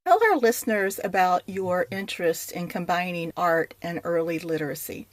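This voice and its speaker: Older woman podcast host, measured interviewer, lowish voice, dry close sound. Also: no echo.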